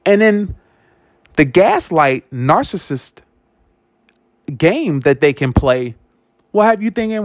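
Animated man telling a story, dry sound. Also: sits high, a little slow, pauses often, no echo. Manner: animated, repeats words, acts out quoted speech. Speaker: podcast host. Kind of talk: personal storytelling monologue.

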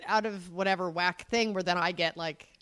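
A woman's voice: fairly low pitch, fairly even intonation, normal speed, a bit bright, no room sound. A woman chatting casually with her partner, telling stories candidly and animatedly, with some swearing. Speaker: mother and co-host. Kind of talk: casual couple chat.

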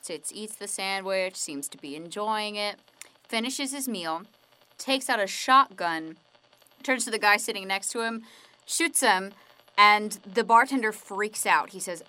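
A woman telling corny jokes in an unhurried, giggly way. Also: mid-range voice, bright, forceful tone, poor audio. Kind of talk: joke telling.

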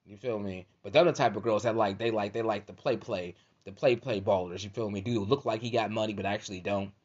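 A man's voice: on the low side, a little fast, a little mellow. A man delivering a profane comedic rant as a podcast host, repeating "you feel me" constantly. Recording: dull lo-fi audio.

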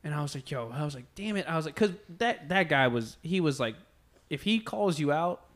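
Slightly high-voiced young man, rambling. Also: a little fast. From Texas. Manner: relaxed, rambling, fillers like "you know what I'm saying". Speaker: podcast host. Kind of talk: casual storytelling chat.

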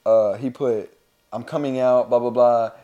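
A man's voice: mid-range voice, fairly even intonation, a little slow, mellow, dull audio. A young man co-hosting a podcast, telling stories in a casual chat, laughing often and swearing freely. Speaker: podcast co-host.

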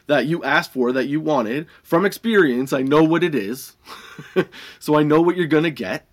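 A man casually telling stories about his old dispensary job, laid-back, swearing freely and laughing often, and high while he talks. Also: moderate pace. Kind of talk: casual storytelling monologue.

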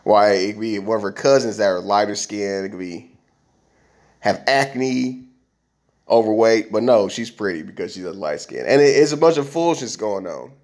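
A man's voice: lowish voice, moderate pace, a little mellow. A man hosting a podcast, talking alone in a loose, rambling way with frequent restarts. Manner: rambling, conversational, with many restarts and fillers. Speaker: podcast host. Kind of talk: casual monologue.

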